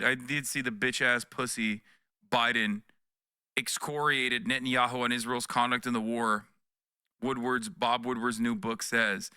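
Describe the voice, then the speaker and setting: A man's voice: medium pitch, sharp tone, clean tone, dry recording. A man in his thirties reacting to news clips on a live stream, sarcastic and profane, close to a desk mic. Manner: profane, sarcastic, mocking voices.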